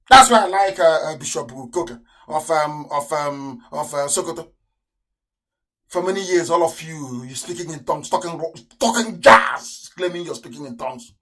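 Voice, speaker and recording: A Nigerian-accented man holds forth on live radio in a fairly high voice. He is openly contemptuous and fires rhetorical questions at his audience. His volume lurches from near-shouting to muttered asides. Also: animated, moderate pace, low-quality recording. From southeastern Nigeria. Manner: scornful, hammering rhetorical questions; swings between loud outbursts and low mutters. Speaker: radio broadcaster and activist. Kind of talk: impassioned live radio address.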